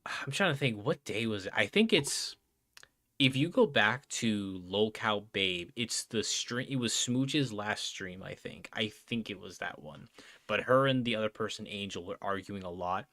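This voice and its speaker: A man's voice: fairly low pitch, animated, unhurried, pushed and bright, no echo, clean studio sound. A young man from New Jersey chatting casually on a livestream, rambling with lots of fillers and calling everyone bro and dude. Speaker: streamer. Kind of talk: casual livestream chat reading out chat.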